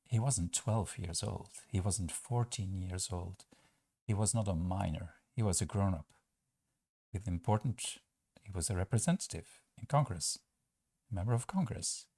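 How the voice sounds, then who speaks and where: Man, low gravelly voice, husky, dry close sound, sarcastic commentary, halting delivery. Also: mellow, dry recording. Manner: sarcastic, rhetorical questions, halting with fillers. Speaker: political commentator. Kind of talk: opinion commentary over clips.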